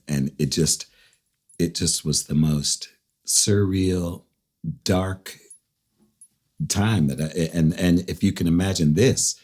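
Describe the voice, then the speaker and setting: A man speaking as an interview guest, softly and reflectively recalling a dark day. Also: sits low, slightly rough. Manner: reflective, soft-spoken recollection. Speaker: guest musician. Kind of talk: casual interview chat.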